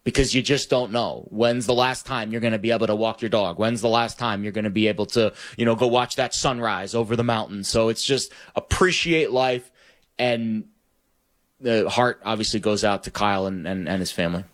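Hesitant man in sports talk. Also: lowish voice. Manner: halting, many fillers and restarts. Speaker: sports radio co-host.

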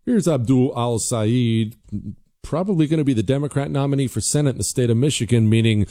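A man's voice: medium pitch, brisk, mellow. A man hosting a political talk show, delivering a combative, sarcastic monologue. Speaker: political commentary host.

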